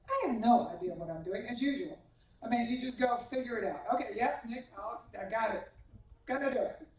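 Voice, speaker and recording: Woman storytelling in an echoey hall. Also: mid-range voice. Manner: animated anecdotal storytelling, self-deprecating. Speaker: hall of fame inductee, tennis coach. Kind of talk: banquet acceptance speech, storytelling. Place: large banquet hall. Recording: echoey hall, voice far from the mic.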